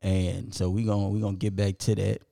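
A man's voice: on the low side, flat delivery, moderate pace, vocal fry, dark tone, dry recording, clean studio sound. A man co-hosting a podcast, casually reading out listener locations and apologizing when he stumbles over foreign names. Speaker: podcast co-host.

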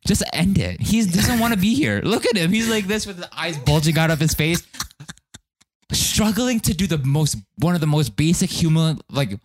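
A man's voice: a little high, normal speed. A young man co-hosting a podcast in casual chat, joking and swearing freely. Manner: animated, swearing, jokey. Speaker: podcast co-host.

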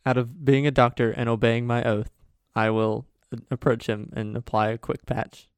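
A man at a tabletop game, stating spells and dice rolls plainly and matter-of-factly. His voice is mid-pitched and heard close and dry. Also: little pitch movement, moderate pace, clear, resonant tone, no echo. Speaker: player. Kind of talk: casual tabletop game play.

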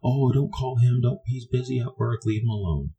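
A man's voice: on the low side, unhurried, pitched above the performer's own voice, lightly acted. A man voicing a drunk, hysterical woman who pleads and wails through tears. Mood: hysterical pleading.

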